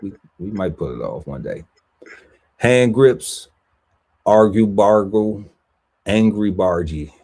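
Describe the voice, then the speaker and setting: A deep-voiced man co-hosting a podcast, working slowly through a list of words and tossing in playful asides. His voice is low and a little husky, and his delivery is unhurried. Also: lively intonation, darkish tone. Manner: lists words slowly, riffs playfully on them. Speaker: podcast co-host. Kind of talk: reading out a word list with banter.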